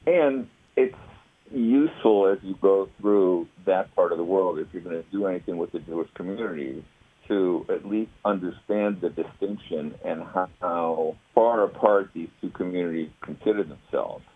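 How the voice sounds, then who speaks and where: A man with a very deep voice, talking as a guest on a radio show. He explains things in a thoughtful, unhurried conversational way. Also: mellow, low-quality recording. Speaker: guest commentator.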